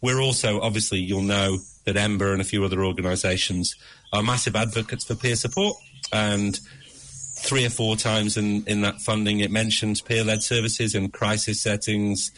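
Upbeat New man, lowish voice. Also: normal speed, slight background noise. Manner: animated, restarts often, upbeat. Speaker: chief executive of a mental health organisation, regular guest. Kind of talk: radio interview.

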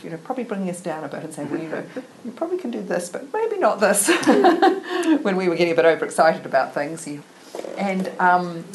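A woman's voice: lowish voice, noisy background. A woman introducing the guest speaker at a meeting, talking in a casual, hesitant way. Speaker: event host introducing speaker.

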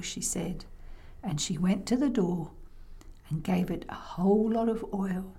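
A woman's voice: medium pitch, unhurried, gravelly, mellow. A woman telling a children's story in the oral tradition, playful, making the sound effects and inviting listeners to join in. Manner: playful, with vocal sound effects and audience prompts.

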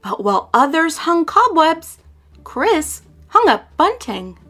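A woman reading a rhyming children's picture book aloud in a lively, sing-song way. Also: high-pitched, slow. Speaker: storyteller.

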